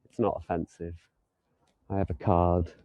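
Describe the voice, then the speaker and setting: A man's voice: sits low, flat delivery, unhurried, warm tone, no echo, low-quality recording. A man giving a live walking tour outdoors, chatting and joking lightly as he strolls the streets. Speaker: tour guide.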